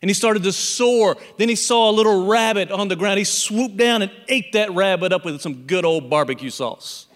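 A male pastor delivers a sermon with a notably high voice, spinning a parable and slipping into the voices of its animal characters. His words ring out with the long reverb of a large church hall. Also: moderate pace, hardly any pauses.

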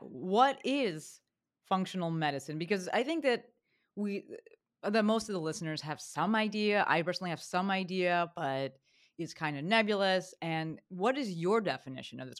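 A woman hosting a podcast interview, enthusiastic and full of praise, quickly asking follow-up questions. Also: mid-range voice. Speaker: podcast host. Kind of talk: casual interview conversation.

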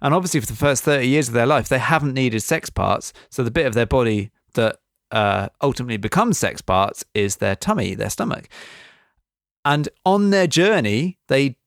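A man's voice: mid-range voice, expressive, normal speed, creaky, a bit bright, no room sound, clean studio sound. A man co-hosting a podcast, explaining facts in a chatty, giggly way. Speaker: podcast co-host. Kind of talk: casual explanatory chat.

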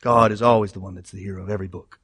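A man preaching a sermon in an animated way, moving between loud emphasis and quiet asides. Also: low voice, racing, breathy edge. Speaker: pastor.

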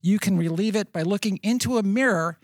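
A man's voice: high voice, fairly quick, no room sound. A man co-hosting a podcast recorded live in front of an audience, telling stories with enthusiasm and laughing now and then. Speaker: podcast co-host. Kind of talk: casual live podcast chat.

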